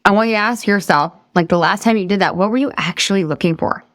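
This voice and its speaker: A quick-paced, mid-range female voice comes through clean studio sound with no room sound. The woman, in her thirties, hosts a live weight-loss coaching class, keeping it chatty and encouraging, firing off questions, and laughing at herself when she strays off topic.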